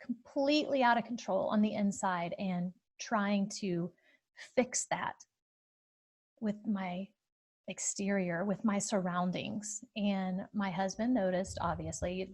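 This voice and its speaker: Woman in her thirties, podcast host, candid personal storytelling, searching, full of ums and restarts. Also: medium pitch. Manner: open, searching, with many fillers and restarts.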